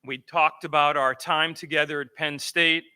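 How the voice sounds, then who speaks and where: A man's voice: a little high, fairly even intonation, normal speed, sharp tone, smooth. A man in his seventies remembering a lifelong friend in a reflective eulogy at a memorial service. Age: 70s. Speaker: old friend giving a eulogy.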